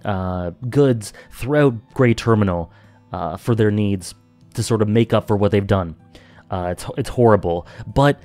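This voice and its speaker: A man's voice: mid-range voice, warm tone. A man giving an earnest, emphatic spoken review of an anime story arc, with frequent fillers and restarts.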